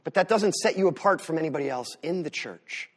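Husky man preaching a casual sermon. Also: on the high side, expressive, a little fast. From US Northeast. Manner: conversational, sarcastic asides. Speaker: pastor.

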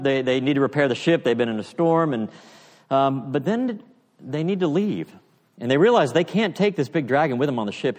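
A man preaching a sermon, retelling a story with an animated delivery that stumbles over and repeats its words. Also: mid-range voice. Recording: long echoey reverb, large hall.

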